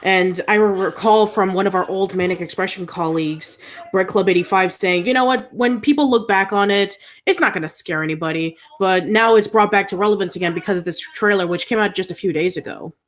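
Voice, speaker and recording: A woman's voice: mid-range voice, a little fast. A woman co-hosting a live show, casually reading out viewer questions with slight stumbles. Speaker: co-host reading viewer comments. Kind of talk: casual live-stream chat.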